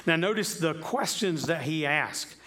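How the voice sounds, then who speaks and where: Pastor, male, voice on the higher side, delivers a relaxed, chatty sermon full of rhetorical questions. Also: measured pace. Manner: chatty, asks rhetorical questions, repeats himself. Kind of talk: conversational sermon. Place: church sanctuary.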